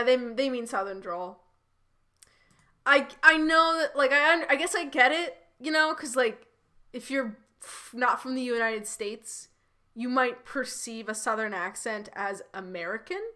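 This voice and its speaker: Bright chatty lady streaming a fanfic read, laughs a lot, trips over her words. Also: fairly high pitch, expressive, unhurried. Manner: chatty, laughing, lots of restarts. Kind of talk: live fanfiction reading with commentary.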